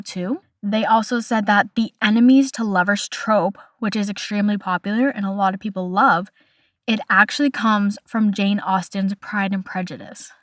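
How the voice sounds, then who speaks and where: A woman's voice: medium pitch, dry recording. Young woman podcast host: casual, chatty, playful and opinionated, dry close sound.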